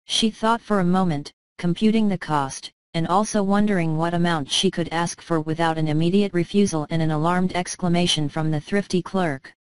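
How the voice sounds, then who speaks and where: A woman reading a classic short story aloud as narrator, calm and measured. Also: on the low side, smooth, dry recording, poor audio. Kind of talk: scripted narration.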